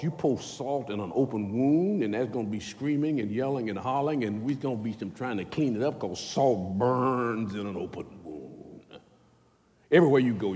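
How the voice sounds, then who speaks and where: A man delivers a sermon in a folksy, animated manner, jumping from loud bursts to quiet asides. His voice sits at a middle pitch but swings widely. The recording carries a long reverb, as in a big hall. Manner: animated, folksy, jumps between loud and hushed. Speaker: preacher.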